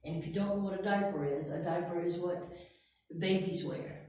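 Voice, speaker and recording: An American woman teaching an English lesson, speaking slowly and deliberately and checking in with her listeners. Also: fairly low pitch, mellow. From United States. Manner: slow, deliberate, checks in with "Yes?" and "Okay?". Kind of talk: slow classroom lesson. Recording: echoey room, voice far from the mic.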